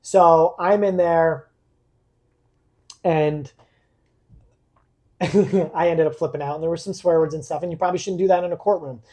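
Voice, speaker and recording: A man guest on a podcast, earnestly telling a personal story in a halting way, with fillers and restarts. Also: fairly high pitch, fairly even intonation, mellow.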